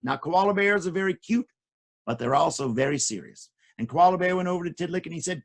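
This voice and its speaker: Animated male children's storyteller. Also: on the high side, fast talker. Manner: playful, jokey, expressive.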